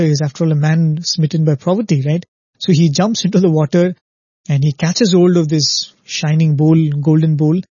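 A man's voice: fairly high pitch, warm tone, breathy edge, no room sound, dull audio. Reflective man. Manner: reflective, repeats "very, very" and asks "right?". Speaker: spiritual speaker. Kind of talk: storytelling spiritual talk.

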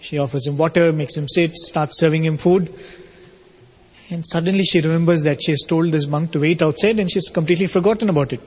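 A man telling a spiritual story as a sermon, in a measured, explanatory way. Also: a little high, breathy edge. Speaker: spiritual speaker. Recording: long hall reverb.

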